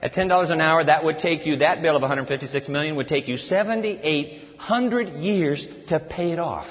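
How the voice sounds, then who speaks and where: A man preaching a sermon to a congregation, animated, acting out a pleading servant in a whiny high voice. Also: moderate pace, hardly any pauses. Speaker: pastor. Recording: dull, lo-fi audio with long hall reverb.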